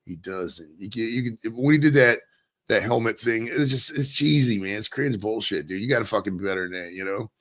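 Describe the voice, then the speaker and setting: A man from Maine hosts his own stream, rambling loosely and conversationally and swearing a lot. His voice sits on the low side, moves a little fast, and has a fairly bright tone.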